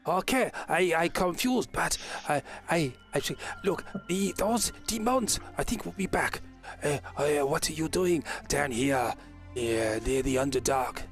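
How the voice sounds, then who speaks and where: Casting note: man playing a stuttering elf lady, flustered, higher-set voice, soft music behind. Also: animated, slow, heavily acted. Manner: stammering, flustered, many fillers. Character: stammering archaic elf woman with odd accent.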